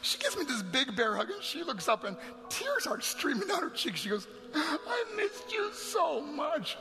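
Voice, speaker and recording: A man telling an emotional personal story to an audience in a large hall, earnest and sometimes dropping to hushed near-whispers. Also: very high-pitched, sing-song, a little fast. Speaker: motivational speaker. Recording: long hall reverb, faint music.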